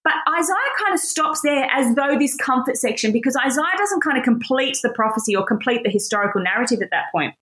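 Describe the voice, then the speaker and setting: An enthusiastic woman teaches scripture in a casual, conversational way. She pauses on fillers and restarts her phrases. Her voice sits on the higher side, and the room adds a noticeable echo. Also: fairly bright tone. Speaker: Bible teacher.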